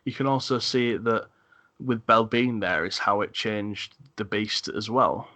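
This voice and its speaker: A man hosting a podcast, chatting casually about films, halting and repeating words as he thinks. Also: lowish voice, sharp tone, no echo. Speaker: podcast host. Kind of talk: casual film discussion.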